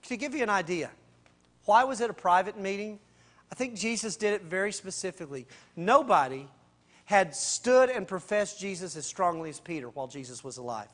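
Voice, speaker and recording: A man preaching a sermon in a conversational, slangy way, swinging between loud and hushed. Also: high voice. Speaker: pastor.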